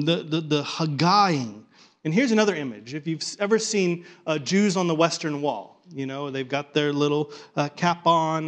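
Leading a live Bible study group, this animated man frequently repeats and restarts his words while encouraging everyone to join in. He has a fairly high-pitched voice.

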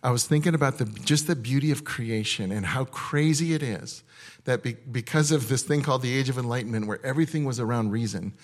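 A male pastor preaching a live sermon at a church service, conversational and digressive, with quick asides. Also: mid-range voice.

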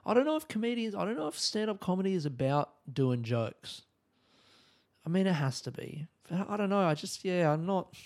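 A man's voice: high voice, sing-song, fairly quick, darkish tone. Rambling, swearing young Australian man. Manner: rambling, self-correcting, swears often, laughs at himself. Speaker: comedian and travel podcaster. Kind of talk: casual travel diary chat.

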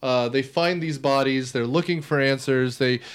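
A man's voice: medium pitch, moderate pace, clear, resonant tone. A sleepy man chatting casually as a podcast co-host, rambling with wry, sarcastic asides. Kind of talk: casual chat.

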